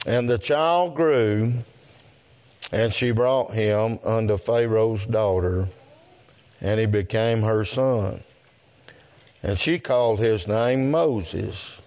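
A preacher reads scripture at an evening service, slow and deliberate, pausing between phrases. His voice sits low, and now and then he clears his throat. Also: a little mellow. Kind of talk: scripture reading in a church service.

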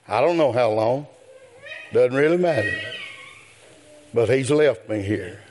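Older preacher, slow and rhythmic. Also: male voice, mid-range voice, expressive, slight background noise. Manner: rhythmic preaching, rising to a shout. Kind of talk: sermon.

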